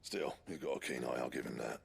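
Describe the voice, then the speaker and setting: An actor playing a blunt, sweary middle-aged blacksmith who grumbles and mutters in a gravelly voice. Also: male voice, extremely low pitch, quick pace, exaggerated voice.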